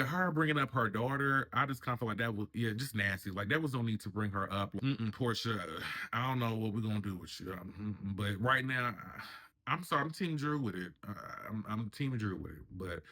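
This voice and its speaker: A man's voice: mid-range voice, pushed and bright. A man hosting a casual reality TV review, chatting and acting out the cast members' lines in raised voices. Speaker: reality TV commentary host.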